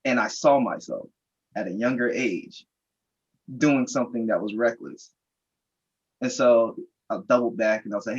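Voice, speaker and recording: A man's voice: medium pitch, moderate pace, pauses often, slightly rough, dull audio. A man on a discussion panel, reflectively telling a personal story about accountability. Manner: reflective storyteller, quotes dialogue.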